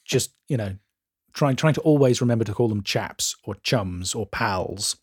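An English man co-hosting a casual podcast about audio mastering, dry and self-deprecating, laying out his points slowly and deliberately. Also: fairly low pitch, expressive, husky, dry recording. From England. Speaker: co-host, mastering engineer.

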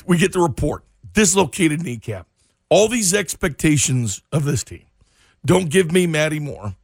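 A male co-host breaking down the game on a sports talk show. His voice is slightly high with a gravelly edge. He tells it with emphatic, animated energy. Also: moderate pace, no room sound, clean studio sound. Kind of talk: sports talk radio analysis.

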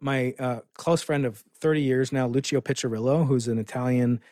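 American guy rambling excitedly on a podcast, lots of uhs, medium voice, dead dry sound. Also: mid-range voice, moderate pace, no room sound. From United States. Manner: enthusiastic, rambling with many fillers and restarts. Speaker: physicist guest. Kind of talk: casual interview storytelling.

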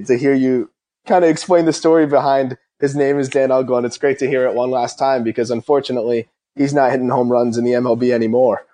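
A man's voice: medium pitch, mellow. A young man hosting a casual interview, talking eagerly and at length. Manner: eager, talkative. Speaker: host.

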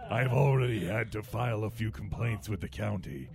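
A man voicing a petty, sinister neighbor in a low, mock-formal tone. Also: moderate pace, creaky. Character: sinister petty male neighbor scolding kids.

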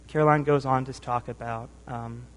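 A man's voice: mid-range voice, steady tone, normal speed. A man preaching a sermon, emotional and tired from little sleep, talking earnestly with frequent restarts and "right?" tags. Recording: long hall reverb.

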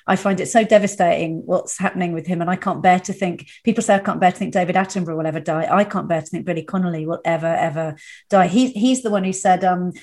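A woman hosting a casual podcast chat, talking warmly and emotionally and swearing casually. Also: on the low side, fast talker. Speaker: podcast host.

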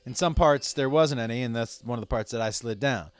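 A man telling a rambling, profane story to his listeners in a casual way, with sudden loud outbursts. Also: medium pitch, a little fast, clean tone, no room sound.

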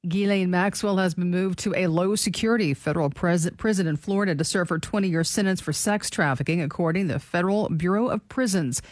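A woman's voice: fairly low pitch, brisk, hardly any pauses, no room sound. Dry-voiced female radio co-host. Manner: dry, reluctant, steady reading. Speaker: radio co-host and news reader. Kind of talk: casual banter and news reading.

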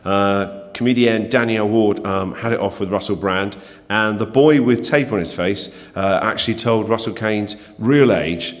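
A man hosting a comedy podcast night, briskly recapping and introducing acts. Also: lowish voice, long reverb tail. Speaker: host.

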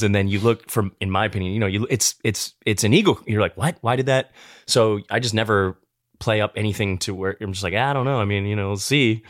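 Male podcast guest, low-ish voice, rapid rambling talk, dry studio mic. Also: dry recording. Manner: quick, rambling, many fillers. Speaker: guest actor. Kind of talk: casual interview chat.

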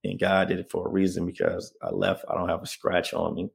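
A man's voice: low-pitched, little pitch movement, brisk, vocal fry. A man as an interview guest, telling his personal story in a conversational way and often checking in with the listener. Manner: conversational, often adds "you know what I mean".

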